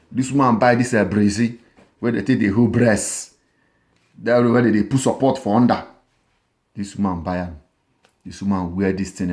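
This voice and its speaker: A man telling a comic story in a Nigerian Pidgin accent, animated, with repeated phrases and sly asides to the listener. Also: fairly low pitch.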